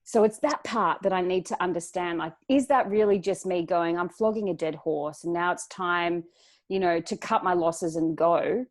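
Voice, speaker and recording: A woman's voice: on the low side, normal speed. A woman guest on a podcast, talking earnestly and reflectively with frequent restarts. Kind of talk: casual chat.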